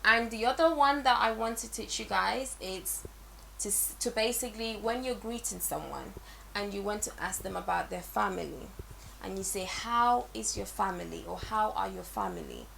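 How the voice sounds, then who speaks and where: A woman's voice: mid-range voice, animated, normal speed, gravelly, a bit bright, slight background noise, rough recording. A woman teaching a language lesson, patiently repeating words syllable by syllable.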